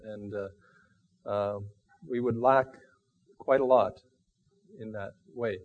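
A man giving a sermon in a halting, thoughtful and self-deprecating way. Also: lowish voice, steady tone. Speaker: preacher. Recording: dull lo-fi recording.

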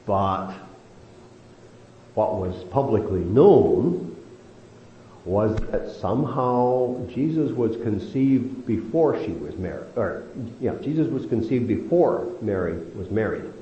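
Animated man teaching a Bible study. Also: lowish voice. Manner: lively, animated delivery with slow emphatic stretches. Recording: roomy, dull lo-fi sound with faint noise.

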